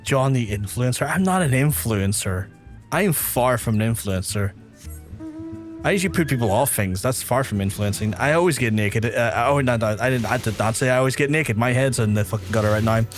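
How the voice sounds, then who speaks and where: A man from Northern Ireland with a softened Belfast accent, chatting casually and teasing his chat while he streams a game, rambling and swearing as he goes. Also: mid-range voice, fairly quick, soft background music.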